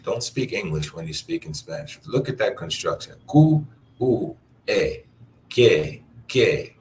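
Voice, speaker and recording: A deep-voiced man teaches a language class at an unhurried pace. He spells out and repeats each word so learners can say it back, with a faint ambience behind him. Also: slight background noise. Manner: repeats words slowly for learners to echo. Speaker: Spanish teacher. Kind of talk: classroom lesson explanation.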